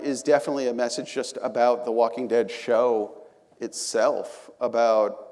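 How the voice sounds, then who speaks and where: A man's voice: mid-range voice, darkish tone. Rambling male panelist in a hall. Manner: rambling storyteller, laughs often. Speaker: panelist, series creator. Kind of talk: casual panel talk. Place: large hall. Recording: live hall with long reverb.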